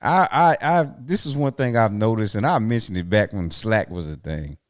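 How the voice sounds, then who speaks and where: Laid-back man with a lively, low voice. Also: normal speed, no room sound, clean studio sound. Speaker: podcast co-host. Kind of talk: casual podcast chat.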